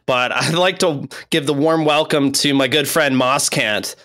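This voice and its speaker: Cohost guy, gushing and stammery, bright punchy voice. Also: on the high side, fairly even intonation, unhurried. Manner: warm, effusive, stammering. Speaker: podcast co-host. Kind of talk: casual podcast chat.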